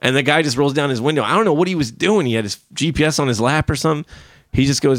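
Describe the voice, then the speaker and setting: A man's voice: a little high, fast, dry recording, studio quality. A man in his thirties telling rambling, profane driving stories in a casual podcast chat, ranting as he goes. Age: 30s. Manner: profane, animated storytelling, rants. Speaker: podcast guest.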